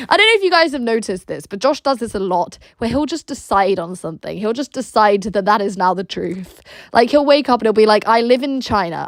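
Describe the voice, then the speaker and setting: A woman from Russia with an English accent talks on her livestream, answering viewers bluntly and crudely in a loose, rambling flow full of "like". Her voice sits at an ordinary middle pitch. The recording is close and completely dry. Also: no echo. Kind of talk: casual livestream chat, reacting to viewer messages.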